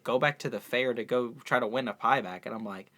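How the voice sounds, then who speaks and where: A man's voice: medium pitch, brisk, sharp tone. A man co-hosting a podcast, chatting casually and often answering with short agreeing replies. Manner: laid-back, many short agreeing replies. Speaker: guest co-host. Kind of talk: casual TV recap chat.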